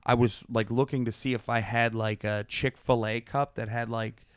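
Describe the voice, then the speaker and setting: A man's voice: mid-range voice, level tone, moderate pace, clear, resonant tone, no room sound, clean studio sound. A man in his thirties co-hosting a comedy podcast, telling rambling, self-mocking stories full of filler words. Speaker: podcast co-host. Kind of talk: casual comedic chat.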